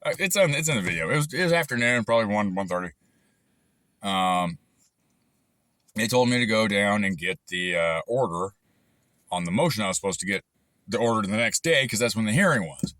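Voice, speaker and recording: A man's voice: lowish voice, animated, a little fast, long pauses, pushed and bright, no echo. Rambling, frustrated man with dry sound. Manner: rambling, frustrated, many fillers and restarts. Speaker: channel host recounting a dispute. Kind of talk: casual rambling monologue.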